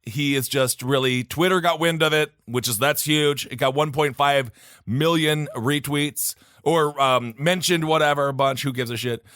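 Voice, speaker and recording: A man co-hosting a podcast, telling stories in a joking, animated way. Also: a little high, normal speed, no room sound, studio quality. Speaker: podcast co-host. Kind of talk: casual comedic chat.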